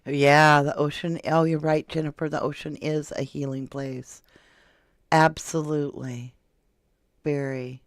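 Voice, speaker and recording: A woman's voice: sits low, flat delivery, a little slow, dry recording, studio quality. A woman from Florida hosting a casual true crime livestream, chatting and reading viewer comments aloud. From Florida, USA. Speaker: true crime channel host.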